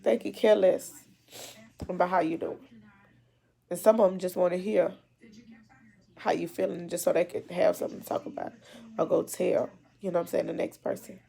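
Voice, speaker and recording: Gravelly emotional woman, halting speech. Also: lowish voice, little pitch movement, warm tone. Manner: emotional, halting, repeats herself. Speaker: mother. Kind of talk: personal video diary.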